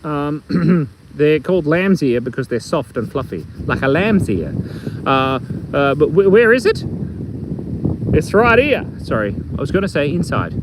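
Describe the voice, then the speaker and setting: Australian man, middle-aged, high lively voice, live phone stream outdoors, faint background noise. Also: unhurried. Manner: playful, rambling, tells jokes and reads chat aloud. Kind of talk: casual live stream chat. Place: outdoors in the bush.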